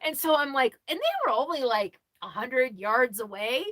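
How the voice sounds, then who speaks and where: A woman hosting a casual livestream about RV life, chatting and answering viewer comments, laughing often and quick to apologize. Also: fairly high pitch, lively intonation, a bit bright. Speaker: RV lifestyle livestream host.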